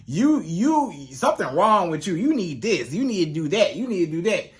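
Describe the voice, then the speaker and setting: Put-down boyfriend, quoted by a coach, mocking, dismissive, mid pitch. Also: very animated, normal speed, natural voice. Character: belittling, critical boyfriend, adult man.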